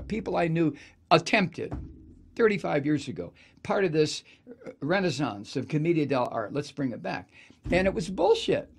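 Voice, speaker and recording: A male political talk host rants sardonically through a profane monologue. His gravelly voice sits fairly high and swings widely in pitch as he mocks and digresses. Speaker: radio talk show host.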